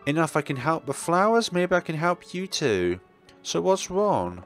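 A man's voice: on the high side, very animated, normal speed, a bit bright, soft background music, pitched above the performer's own voice. Bibi, a man putting on a chirpy little girl. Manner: bubbly, chirpy. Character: cheerful bossy little girl.

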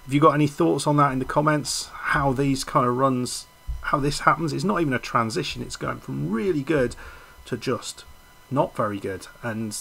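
A man's voice: medium pitch, moderate pace, gravelly, fairly bright tone, breathy edge, low-quality recording. A man commentating casually over a football management video game, frustrated and hesitant, often restarting his sentences. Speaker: YouTube gaming host.

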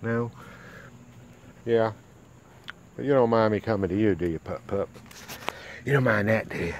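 A man's voice: lowish voice, normal speed, long pauses, slight background noise, poor audio. A man, a dog breeder, chatting casually and coaxingly to his dogs in a home video. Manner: doting, coaxing talk to his pets.

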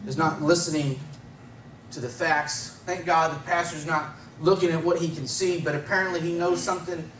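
A man tells his story of faith to a congregation, relaxed and conversational, breaking into small chuckles. His voice sits a little high. The recording is distant and roomy, with clear background noise underneath. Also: normal speed. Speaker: guest giving testimony. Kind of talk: personal testimony at church.

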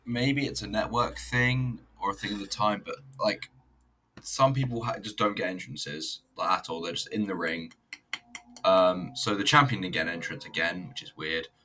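A man's voice: low voice, normal speed, background noise. A man giving a casual, rambling, profane and self-mocking review of a wrestling show. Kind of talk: casual solo review commentary.

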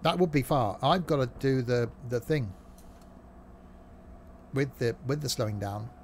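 Guy streaming a train sim, jokey and rambling, lots of uhs, steady middle voice, game rumble loud behind him. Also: unhurried. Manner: rambling, jokey, many "uh" fillers. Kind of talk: live gameplay commentary. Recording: train game sounds under voice.

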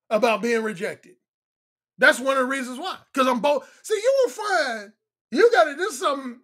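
Male dating coach, husky tone, very animated pitch, cocky monologue style. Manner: boastful, emphatic, repeats lines for effect. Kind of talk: casual monologue to viewers.

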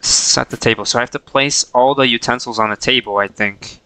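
Man, game streamer, bright tone, crisp voice, dry close sound, playful self-talk. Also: mid-range voice, a little fast, no room sound, poor audio. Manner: playful, chuckling, talks to himself. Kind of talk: casual gameplay chatter.

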